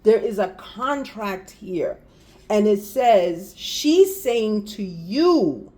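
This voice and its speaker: A woman's voice: medium pitch, lively intonation, very slow, darkish tone. A woman doing a casual spiritual card reading, talking straight to viewers with laughs and exasperated asides. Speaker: tarot reader.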